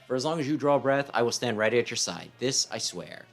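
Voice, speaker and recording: A man's voice: medium pitch, animated, fairly quick, soft background music, natural voice. A man voicing a pompous, overly dramatic male knight with theatrical declarations, reading a game aloud. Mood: grand.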